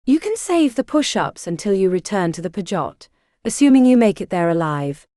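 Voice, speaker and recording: A woman doing a brisk male squad leader, commanding, lively pitch, mellow voice. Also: dry recording, clean studio sound, natural voice. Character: male team leader drilling his squad.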